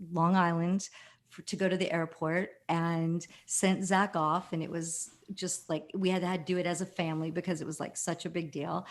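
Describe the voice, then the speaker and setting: A woman in her fifties from New Jersey, a podcast guest telling a long story in an animated, chatty way with many fillers. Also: fairly low pitch. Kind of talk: casual storytelling.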